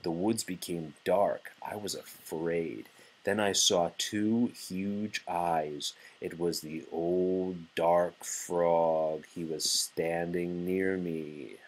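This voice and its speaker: A man reading aloud and voicing Frog, a calm, confident male frog from a children's storybook who teases while spinning a spooky tale. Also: deep voice, extremely slow, full character voice, poor audio. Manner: coaxing, teasing storytelling.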